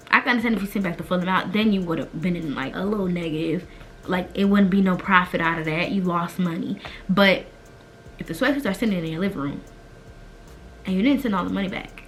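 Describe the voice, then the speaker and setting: A young adult woman vlogger telling a personal story in an emphatic, animated, slangy way. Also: mid-range voice, brisk, a little hiss or hum. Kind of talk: storytime vlog.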